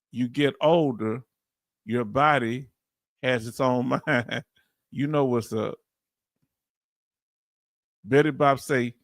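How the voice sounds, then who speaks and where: A man's voice: medium pitch, dry recording. Southern man in his fifties, chatty livestream host reading chat aloud, dry close sound. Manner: chatty, reads chat aloud, bursts of laughing excitement.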